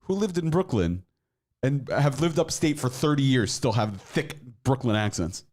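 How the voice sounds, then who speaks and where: A man's voice: medium pitch, expressive, normal speed, a little mellow. A man who is a regular on a podcast, earnestly explaining a point in casual chat.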